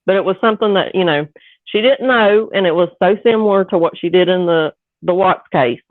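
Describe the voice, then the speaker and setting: A woman's voice: fairly low pitch, brisk, no echo. A woman with a Southern US accent chatting casually on a livestream, rambling and mimicking other people. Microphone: phone or call audio. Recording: tinny dry phone-line sound.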